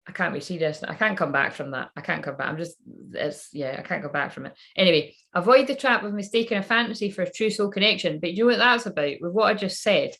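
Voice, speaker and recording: A woman with a somewhat low voice rambles through a psychic reading in loose, casual talk. She swears without a second thought and keeps laughing at her own jokes. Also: fast talker, fairly bright tone. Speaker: psychic reader channeling messages.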